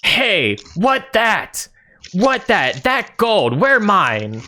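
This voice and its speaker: A man voicing a dim-witted male ogre guard who speaks in slow, broken sentences. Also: sits high, huge pitch swings, pushed and bright, voice pushed up, heavily acted. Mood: excited. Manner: broken grammar, slow and simple.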